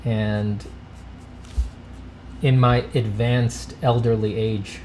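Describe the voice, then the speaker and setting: A man's voice: on the low side, level tone, extremely slow, a little mellow, slight background noise. A man hosting a casual livestream, answering viewer questions and thanking donors with dry, self-mocking humor. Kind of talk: casual livestream chat, reading donations.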